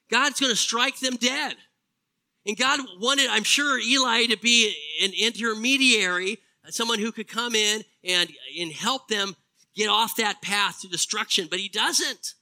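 A middle-aged male pastor delivering a Sunday sermon in a high, very bright voice. He preaches earnestly and slows right down to drive home key phrases. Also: poor audio.

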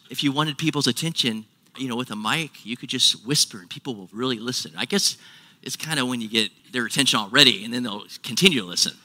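A man's voice: medium pitch, pushed and bright, in a large hall. A man preaching a sermon to his congregation in a casual, conversational way, joking and asking them questions. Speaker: pastor.

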